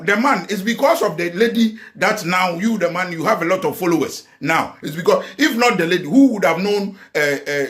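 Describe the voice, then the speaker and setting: Impassioned man, fairly high voice. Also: a bit bright. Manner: impassioned, repetitive, with many fillers and restarts. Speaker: commentary vlogger. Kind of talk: emotional social media commentary. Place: lives in the Netherlands.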